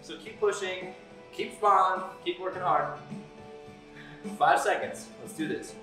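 A man's voice: high-pitched, unhurried. A man coaching a workout on a live stream, explaining exercises and counting reps with upbeat encouragement. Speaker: fitness coach. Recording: echoey room, far from the mic, faint music.

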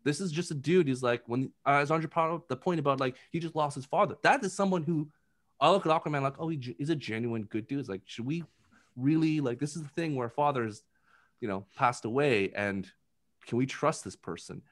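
Rambling man reviewing a movie. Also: a little high. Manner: rambling, heavy on filler words, jumps into quick impressions. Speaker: podcast co-host. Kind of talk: casual movie review chat.

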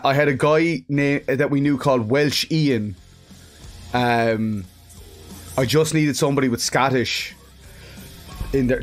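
An Irish man chatting casually on a live game stream, greeting viewers by name, laughing often and swearing freely. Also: mid-range voice. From Ireland.

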